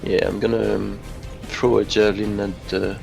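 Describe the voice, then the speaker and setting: A man with a lowish, gravelly voice plays a tabletop game. He asks hesitant questions and talks through his turn with pauses, with faint music behind him. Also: little pitch movement. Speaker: player.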